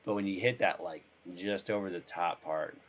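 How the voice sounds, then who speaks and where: A hoarse man, sick, chatting casually and rambling as he streams himself playing a drone simulator. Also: deep voice, normal speed, lo-fi sound. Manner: rambling, trails off.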